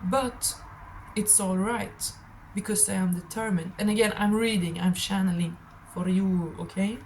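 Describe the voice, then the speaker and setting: A woman's voice: medium pitch, steady tone, a little slow, a little mellow, slight background noise, poor audio. A woman giving a channeled tarot reading to her viewers, nervous and shaking, blunt and emotional, calling listeners darling. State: shaky and nervous. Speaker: tarot reader.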